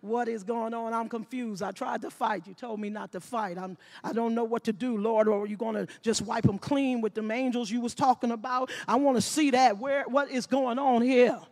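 A woman pastor, preaching a lively sermon, acting out scenes and often shouting. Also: a little high, normal speed, hardly any pauses. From Mississippi.

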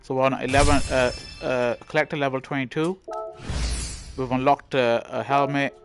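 A man's voice: medium pitch, fairly even intonation, normal speed, music in the background. A man chatting casually to viewers during live gameplay, dropping slang and calling everyone "man". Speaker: gaming streamer. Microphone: VR headset.

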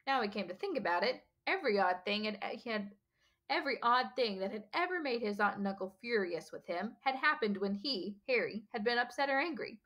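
Woman, teacher, reading a novel aloud, steady and expressive storytelling, slightly high voice. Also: a little fast.

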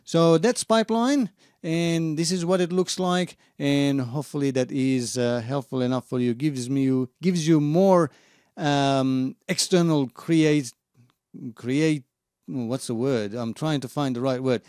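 A man hosting a casual home-studio software tutorial, talking in a halting way and pausing to search for words. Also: on the high side, clear, resonant tone, dry recording.

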